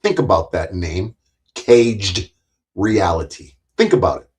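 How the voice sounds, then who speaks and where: A man with a fairly low voice rants on a livestream. He swears nonstop and turns sarcastic and mocking. He keeps hammering his points by repeating them. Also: lively intonation, slow pace, darkish tone. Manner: angry, sarcastic, swears constantly. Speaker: livestream host. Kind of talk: profane livestream rant.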